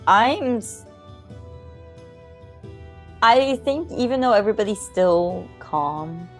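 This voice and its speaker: A woman's voice: mid-range voice, expressive, takes it slowly, soft background music. A woman playing in a tabletop game, explaining her character's actions hesitantly. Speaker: player. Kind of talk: casual chat at a game table.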